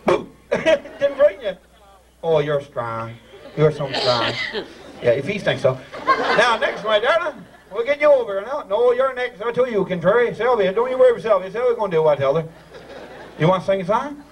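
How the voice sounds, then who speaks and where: A man's voice: high voice, very animated, normal speed. A man with a Newfoundland accent leading a rowdy ceremony, joking and laughing with the people he is teasing. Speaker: screech-in ceremony leader. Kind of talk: joking crowd banter. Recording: far mic over a loud crowd.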